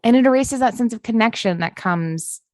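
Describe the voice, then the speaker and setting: An Appalachian woman with a higher-pitched, slightly mellow voice and lively intonation hosts a podcast interview at normal speed on a dry recording. Earnest and casual, she says "like" often and swears once in a while.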